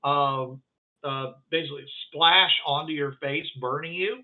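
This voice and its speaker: Male game master, halting delivery, slightly high voice, phone-quality audio. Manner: halting, full of restarts and fillers. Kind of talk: narrating a tabletop game. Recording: tinny phone-like line.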